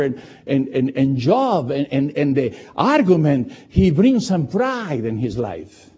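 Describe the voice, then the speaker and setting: A man preaching a sermon, animated and emphatic, with many restarts. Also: on the high side, slow pace, slightly rough. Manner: animated, repetitive restarts, rising to emphatic shouts. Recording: dull lo-fi sound.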